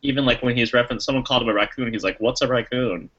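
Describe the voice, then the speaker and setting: A man's voice: mid-range voice, rapid-fire, a bit bright, lo-fi sound. A man chatting casually about a movie as a podcast co-host, rambling with lots of restarts and fillers and acting out lines he quotes. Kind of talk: casual movie review chat.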